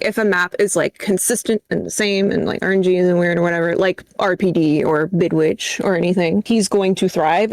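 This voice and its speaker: A woman guest on a gaming podcast, rambling through her thoughts with constant fillers and easy swearing. Her voice sits at an average pitch. The sound is dry, with no room. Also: no room sound. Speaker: guest gamer. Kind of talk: casual podcast chat.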